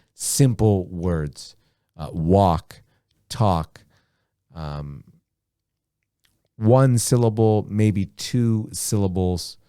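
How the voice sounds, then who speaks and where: A man teaching a beginner English lesson, speaking slowly and deliberately, repeating words and often saying "okay". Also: deep voice, dark tone, no echo, studio quality. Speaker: ESL teacher.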